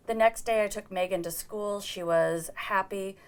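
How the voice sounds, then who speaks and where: A woman's voice: mid-range voice, fairly even intonation, moderate pace, clear, resonant tone. A middle-aged woman giving an earnest personal account as an interview guest, acting out the dialogue she quotes.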